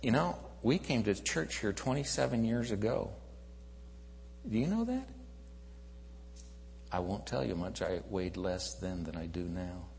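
Animated male preacher in an echoey church. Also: lowish voice, unhurried, vocal fry, pauses often, slight background noise. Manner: animated storytelling, swinging from loud to hushed. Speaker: pastor. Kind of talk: sermon.

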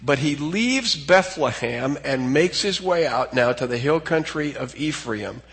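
A man's voice: on the high side, animated, measured pace, fairly bright tone, big-room sound. A man giving a conversational Bible study lecture, often repeating words as he starts a thought. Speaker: Bible teacher.

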